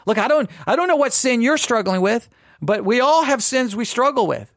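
Guy with a high gravelly voice preaching, dry close sound, keeps repeating himself and acting stuff out. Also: moderate pace, dry recording. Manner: earnest, animated, acts out imagined people; repeats words and restarts often. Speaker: pastor answering listener questions. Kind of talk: sermon-style teaching monologue.

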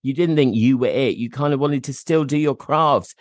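A man's voice: mid-range voice, normal speed, no room sound, clean studio sound. A man from the UK hosting a casual interview, enthusiastic and encouraging toward his guest. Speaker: podcast host.

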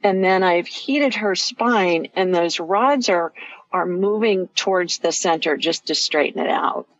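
A woman's voice: lowish voice, unhurried, no room sound. A woman hosting a live call-in radio show, talking callers through her visions in a chatty, reassuring way. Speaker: radio show host, intuitive healer. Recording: dry, muffled radio audio.

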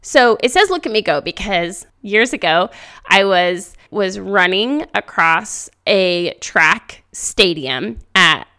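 A woman hosting a podcast, telling stories in a loud, animated way and laughing often into a podcast microphone. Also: mid-range voice, slow. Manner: speaks loudly; animated storytelling with frequent laughter. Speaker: podcast host. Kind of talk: casual motivational podcast monologue.

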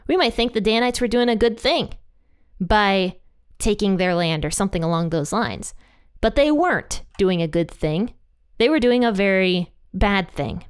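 Smooth-voiced woman chatting through scripture. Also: mid-range voice. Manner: chatty, conversational retelling with playful quoted voices. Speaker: Bible teacher. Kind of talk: casual Bible teaching.

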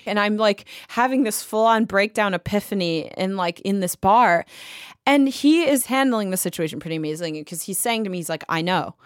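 A woman's voice: medium pitch, fairly quick, no echo. Chatty woman with a dry close sound. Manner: animated, chatty, many fillers. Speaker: interview guest. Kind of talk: casual storytelling.

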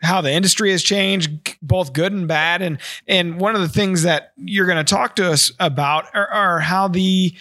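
A man's voice: sits high, moderate pace, sharp tone, dry recording, clean studio sound. A man co-hosting a podcast in a casual chat, rambling through long remarks between short reactions. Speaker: podcast co-host.

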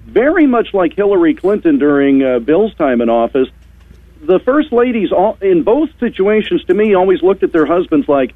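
A man's voice: high voice, very animated, moderate pace, no room sound. A man calling into a radio show as a guest commentator, giving wry, sarcastic opinions. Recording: tinny phone line.

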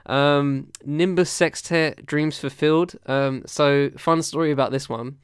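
A man's voice: on the high side, steady tone, measured pace, clean tone, no room sound, clean studio sound. A man hosting a casual podcast, talking through albums in a loose, rambling way with many fillers and restarts. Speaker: podcast host reviewing albums. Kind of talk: casual chat.

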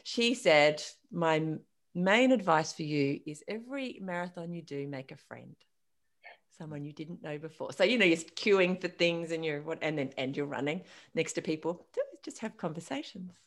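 A woman's voice: deep voice, expressive. A woman hosting a casual podcast interview, reacting readily to her guest. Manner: encouraging listener, quick reactions.

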